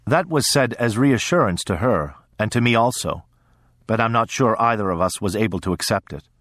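A man narrating a first-person story in a measured, even storytelling voice. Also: lowish voice, dry recording, clean studio sound. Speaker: audiobook narrator. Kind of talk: scripted narration.

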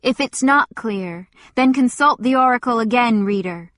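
A woman's voice: fairly high pitch, normal speed, fairly bright tone, no echo, studio quality, close to an everyday voice. A woman reading an audiobook, voicing an impatient, defiant young man with a challenging, insistent manner.

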